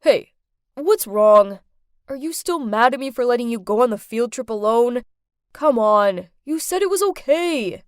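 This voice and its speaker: Give me a woman doing a coaxing teen bad boy for an animated story, with a dry sound. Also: on the high side, measured pace, no room sound. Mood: pushy. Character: teen bad-boy boyfriend, pushy and clingy.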